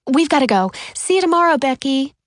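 A woman voicing a kind, peacemaking schoolgirl with a gentle manner in a storybook reading. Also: high voice, a little fast, no room sound, clean studio sound, pitched above the performer's own voice, close to an everyday voice.

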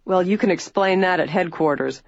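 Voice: medium pitch, brisk, vocal fry, no room sound, highs cut off, close to an everyday voice. Barking stern male trooper, as a reader puts him on. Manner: barking, curt orders.

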